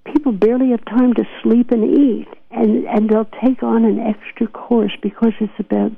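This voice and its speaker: An older woman with a New York accent speaks in a gravelly, husky voice, earnest and reflective as she tells stories. Her voice comes down a tinny phone line with no room sound at all. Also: on the high side, fairly even intonation, moderate pace, dry recording. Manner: earnest storyteller, often laughs. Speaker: physician guest. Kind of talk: reflective interview talk.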